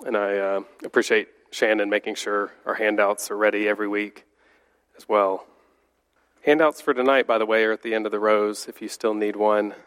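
A man's voice: on the low side, fairly even intonation, moderate pace, fairly bright tone, clean tone. A man teaching a church Bible class, congested and slightly nasal from a cold, talking conversationally with fillers and restarts.

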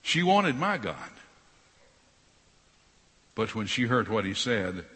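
Husky preacher with long echo. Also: male voice, on the low side, very animated, slow, pushed and bright. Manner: dramatic swings, sarcastic asides. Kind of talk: sermon. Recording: long hall reverb.

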